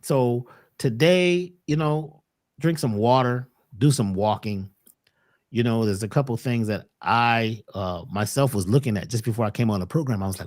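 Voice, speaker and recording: A man giving a calm, preachy spiritual talk as a guest on an online show. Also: mid-range voice, moderate pace, no room sound, studio quality. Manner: calm, preachy, rhythmic phrasing. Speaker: guest speaker.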